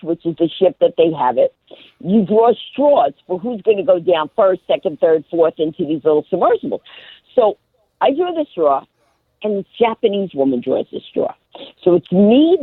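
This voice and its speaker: Animated woman telling a story by phone. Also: lowish voice, breathy edge, no room sound. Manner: lively, acts out every character. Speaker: guest. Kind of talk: animated storytelling on a radio call-in. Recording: tinny phone line.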